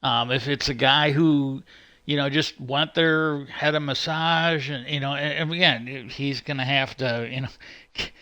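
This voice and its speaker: A man hosting a livestream, talking in a casual, halting way, often restarting his sentences and swearing offhand. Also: medium pitch, fairly even intonation, pushed and bright, clean tone. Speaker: livestream host. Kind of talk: casual rambling commentary.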